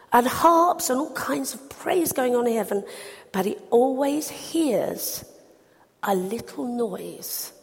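A woman giving an animated, expressive children's talk in church. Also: fairly high pitch, breathy edge, in a large hall.

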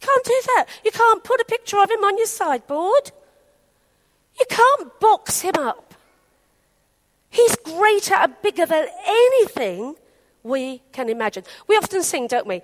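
A woman's voice: very high voice, unhurried. A woman from England preaching a sermon in a chatty storytelling way, acting out the people in her anecdotes. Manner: chatty, animated, acts out quotes.

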